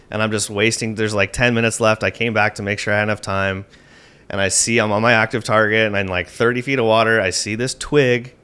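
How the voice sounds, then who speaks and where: On a podcast, a male guest gets animated and excitable recounting a tournament fishing story, full of "like" and casual cursing. He has a fairly low, smooth voice.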